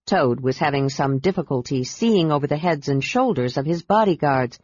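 A reader narrating a fantasy novel in a steady, even storytelling voice. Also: medium pitch, husky, no echo. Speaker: audiobook narrator. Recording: dull, dry audiobook sound.

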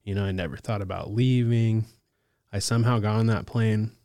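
A man from Alaska, a case manager, telling his recovery story in a relaxed, casual way, full of "like" and "bro" and quick laughs. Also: fairly low pitch, no echo. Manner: laid-back, lots of "like" and "bro", laughs often. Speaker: podcast guest, case manager.

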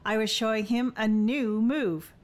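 A woman's voice: a little high, fairly even intonation, unhurried, voice pushed up, lightly acted. A woman narrator voicing a fierce, teasing young warrior woman who speaks in a bold, old-fashioned way in an audiobook. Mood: sly. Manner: archaic, bold and playful. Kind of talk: audiobook dialogue.

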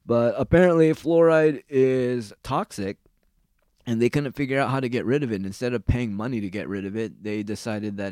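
A man's voice: mid-range voice, moderate pace, darkish tone, no room sound, clean studio sound. A man ranting casually in a sarcastic, profane and rambling way, jumping from one complaint to the next.

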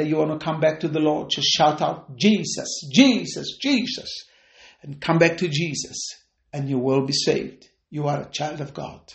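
A man preaching a fervent podcast sermon and prayer, repeating phrases and rising to shouted peaks. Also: a little high, creaky, reverberant.

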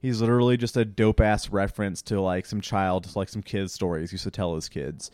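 A man's voice: on the low side, fairly even intonation, a little fast, darkish tone, no room sound, studio quality. Rambling, profane casual man. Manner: rambling and profane, lots of fillers. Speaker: podcast host. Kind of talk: casual chat.

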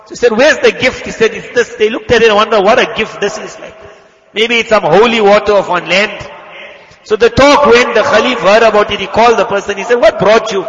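A man preaching a fervent sermon, telling a story and quickly reciting Arabic prayers. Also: sits high, fairly bright tone. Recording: echoey hall, muffled lo-fi sound.

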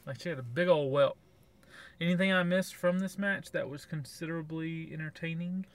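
A man's voice: fairly high pitch, moderate pace, dry recording. A man co-hosting a podcast, giving blunt, sarcastic opinions in casual review chat. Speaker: podcast co-host.

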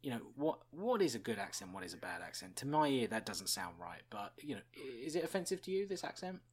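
A man's voice: mid-range voice, very animated, quick pace. A man hosting a podcast, musing chattily about a TV episode with fillers and chuckles. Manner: chuckles often. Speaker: podcast host reviewing a TV episode. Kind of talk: casual spoken commentary.

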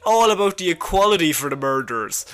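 Bright, chatty man telling comic lore. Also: fairly high pitch, lively intonation, fast. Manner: chatty, jokey, laughs often. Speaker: podcast co-host explaining comic history. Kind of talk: casual chat.

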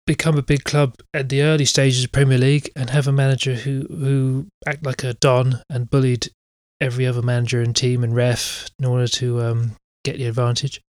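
A sleepy, yawning man co-hosting a podcast, talking in halting, trailing sentences. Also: mid-range voice, level tone, darkish tone, no echo, studio quality. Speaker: podcast co-host. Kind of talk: casual chat.

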